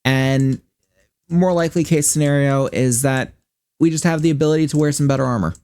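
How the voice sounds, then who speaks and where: A man's voice: a little high, brisk, a little mellow, no echo. A man from Michigan with a Midwestern American accent, chatting casually and rambling with frequent swearing while streaming a game. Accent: general American Midwestern. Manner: rambling, profane, thinking aloud. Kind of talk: casual gaming stream commentary.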